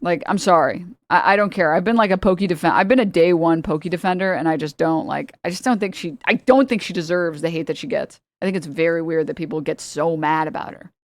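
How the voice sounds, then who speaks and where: A woman's voice: on the low side, quick pace, few pauses, no echo. A woman streamer giving casual, exasperated commentary to her chat, swearing freely.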